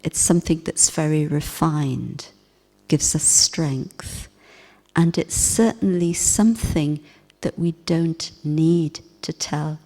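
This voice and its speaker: A woman gives a spiritual talk in a low, mellow voice, unhurried and reflective. Her gentle, softly emphatic delivery carries a long reverb from a hall. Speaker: spiritual teacher.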